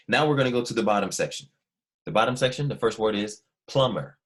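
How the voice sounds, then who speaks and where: Low-voiced patient male teacher. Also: very animated. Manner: patient, questioning, explains step by step; slow, careful dictation with each word repeated. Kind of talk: recorded classroom lesson for students at home.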